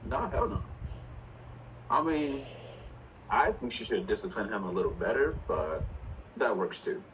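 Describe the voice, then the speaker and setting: A man's voice: on the low side, very animated, unhurried, fairly bright tone. A man in a casual chat who gives blunt, short verdicts. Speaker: co-host giving verdicts. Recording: distant from mic, faint background noise.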